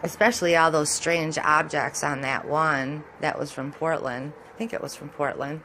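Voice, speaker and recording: A middle-aged woman vlogger with a Michigan accent and some Southern touches rambles casually about sky photos, laughing often. Her voice is low, steady and sharp, at a moderate pace, with a little hiss or hum in the background.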